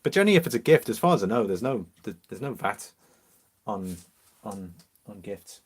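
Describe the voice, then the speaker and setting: A man's voice: fairly low pitch, a little fast, breathy edge. Chatty English man hosting a live stream. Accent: mixed English, mildly Liverpool. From Liverpool, England. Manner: chatty, relaxed, reads out viewer comments with easy laughs. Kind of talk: casual live-stream chat.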